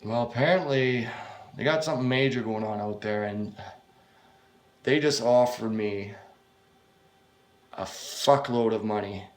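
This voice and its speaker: A man's voice: mid-range voice, a little slow, pauses often, close to an everyday voice. A man voicing a weary, desperate male friend who pleads hesitantly and swears as he pushes a job offer. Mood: urging.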